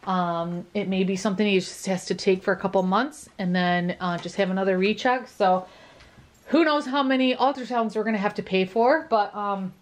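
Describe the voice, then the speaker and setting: A woman's voice: mid-range voice, moderate pace. Teary, relieved woman vlogger. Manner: emotional, relieved, teary, many fillers. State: tearing up. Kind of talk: casual vlog update.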